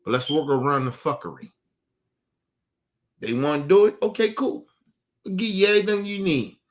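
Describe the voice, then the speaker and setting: A man hosting his own online show delivers a blunt, profanity-heavy rant, talking straight to his viewers. His voice sits a little higher than most men's, and he hammers his points by repeating them insistently. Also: moderate pace. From Baltimore. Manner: emphatic, blunt, cursing, repeats himself; addresses viewers directly, urging them.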